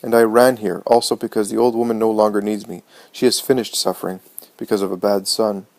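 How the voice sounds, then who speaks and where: A man voicing a grave, gentle mother who reproaches a young man slowly and seriously in a low voice, in an audiobook reading. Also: flat delivery, no echo, close to an everyday voice, low-quality recording. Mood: kind.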